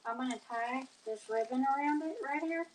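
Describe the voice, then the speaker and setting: A woman with a slightly high voice walks someone through a task in a practical, instructive way. A faint hiss sits under her voice. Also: a little fast, low-quality recording. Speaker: helper off camera.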